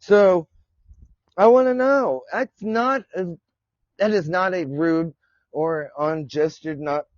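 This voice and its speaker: A man with a somewhat high voice speaks slowly in a steady tone, with no echo. He's a podcast host chatting casually on a live stream, rambling along and often cursing and laughing. The recording has a dull, lo-fi quality.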